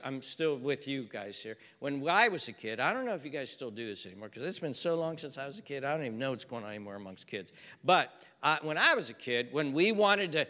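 In a hall full of echo, a man with a fairly high, slightly bright voice delivers a sermon as a pastor. His style is earnest and conversational, and he frequently repeats things to drive them home.

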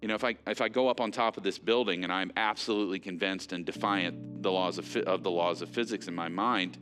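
A man preaching a sermon in a conversational, animated way, with frequent fillers and restarts. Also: low-pitched, fast talker, faint music behind. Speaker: pastor.

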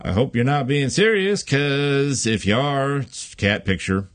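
A man's voice: medium pitch, expressive, measured pace, no room sound. Rambling man telling a story, dry sound. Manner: rambling storyteller with many fillers and swearing. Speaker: podcast host. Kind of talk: casual chat.

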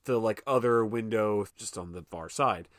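A man's voice: on the low side, normal speed, no room sound, studio quality. A man co-hosting a podcast, casually recapping a film with lots of swearing and acted-out character lines. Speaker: podcast co-host.

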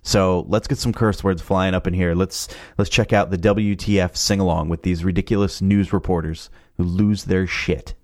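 A man's voice: low voice, fairly even intonation, moderate pace, hardly any pauses, no room sound, clean studio sound. A man hosting a casual video commentary, amused and chatty, laughing often. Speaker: video reaction host.

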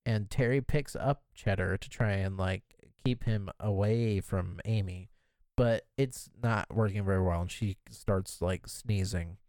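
A man's voice: on the low side, unhurried, a little mellow, dry recording. A man co-hosting a podcast and recapping an episode in a chatty, casual way, with lots of "like" fillers. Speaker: podcast co-host.

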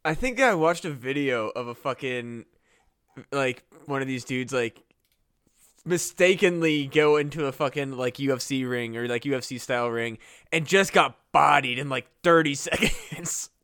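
A man's voice: mid-range voice, moderate pace, a bit bright, smooth. A man co-hosting a casual comedy podcast, rambling and swearing with lots of filler words. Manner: rambling, profane, heavy use of "like". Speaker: podcast co-host.

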